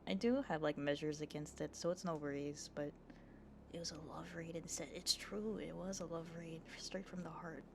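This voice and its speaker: A woman streamer in her room, speaking softly into an ASMR microphone, reading aloud and chatting with viewers in a giggly way full of fillers. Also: deep voice, steady tone, normal speed, vocal fry, background noise. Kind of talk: soft-spoken ASMR reading and chat. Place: her bedroom.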